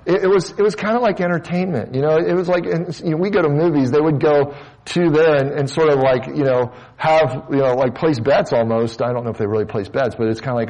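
A man's voice: a little high, a little fast, darkish tone, poor audio. Chatty man preaching a sermon. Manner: conversational, self-deprecating asides, frequent restarts. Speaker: pastor.

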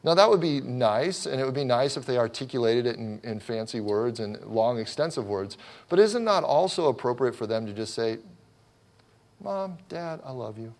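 A middle-aged man delivers a sermon in a loose, talky way, often restarting his sentences and slipping in wry sarcasm. His voice sits at an ordinary middle pitch. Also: brisk, darkish tone. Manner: conversational, self-correcting, lightly sarcastic. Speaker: pastor.

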